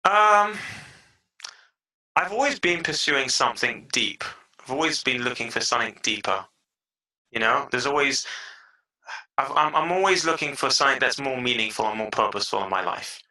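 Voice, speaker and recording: A man in his thirties with a British accent, a podcast guest telling stories in an energetic, animated way. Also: medium pitch, normal speed, long pauses, rough recording. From England (London). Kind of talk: casual interview chat.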